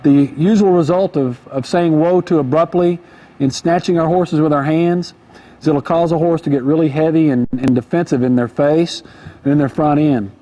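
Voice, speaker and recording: A man's voice: on the high side, fairly even intonation, moderate pace, dark tone. A man, a horse trainer, giving an easygoing, folksy riding lesson from horseback in an arena, repeating his key points. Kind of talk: instructional riding demonstration. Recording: music playing behind.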